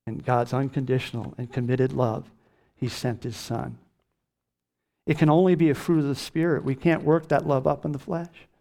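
A man preaching a sermon, slowing down and leaning hard on key words. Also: mid-range voice, steady tone, creaky, dark tone. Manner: slow emphatic preaching, rising on key words. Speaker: pastor.

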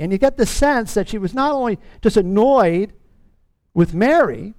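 A middle-aged man preaching a sermon in an earnest tone, stretching out key words slowly for emphasis. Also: high voice, animated, a little mellow, no echo. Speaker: pastor.

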